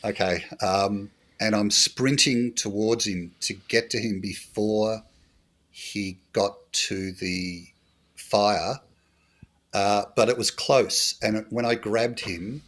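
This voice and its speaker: A man's voice: on the low side, steady tone, slow, a bit bright. A middle-aged Australian man, a former bush police officer, telling wry anecdotes in an interview with a lot of fillers. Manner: dry humorous anecdotes with fillers. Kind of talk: storytelling interview.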